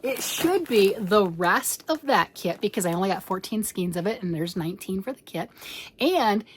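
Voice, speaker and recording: A woman chatting casually as she unboxes a yarn kit, excitable and rambling, with sudden whispered asides. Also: mid-range voice, normal speed, slight background noise. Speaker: crochet vlogger.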